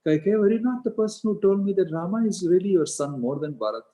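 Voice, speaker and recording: A man's voice: animated, fast, mellow, rough recording. A man voicing a distraught pleading old king. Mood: disbelieving. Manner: high, pleading exclaims.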